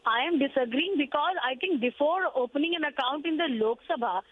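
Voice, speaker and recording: A woman, arguing loudly and combatively as a panelist in a heated TV debate over a phone line. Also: sits high, lively intonation, fairly quick. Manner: loud, shouting and combative.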